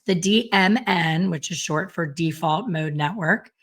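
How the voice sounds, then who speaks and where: A middle-aged woman hairstylist hosting a casual solo podcast, chatty and self-deprecating with quick asides. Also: on the low side, a bit bright, breathy edge. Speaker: podcast host and hairstylist educator.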